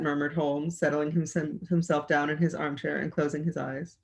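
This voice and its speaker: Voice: medium pitch, level tone, normal speed, gravelly. A reader of a classic detective story, going through it aloud with frequent slips and restarts. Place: library livestream.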